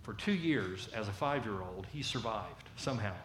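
A man with a Southern American accent preaching a sermon as a lively storyteller, acting out the voices of the people in his story. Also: fairly low pitch, moderate pace, reverberant, a little hiss or hum.

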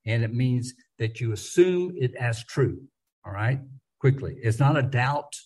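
A man's voice: medium pitch, animated, measured pace, a little mellow, low-quality recording. A man teaching a Bible study in a conversational way, thinking aloud with frequent restarts and repeated words.

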